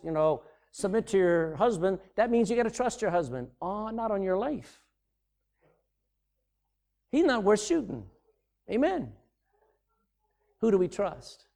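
Animated preaching man, mellow voice. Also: high voice, creaky. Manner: preaching with dramatic swings in volume and sudden drops to a hush. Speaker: pastor. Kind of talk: sermon.

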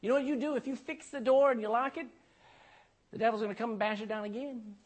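A man's voice: extremely high pitch, fairly even intonation, quick pace. A man preaching a sermon in an emphatic style, often tagging lines with "amen" and asking the congregation questions. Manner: emphatic, repeats "amen" and "you know". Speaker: pastor.

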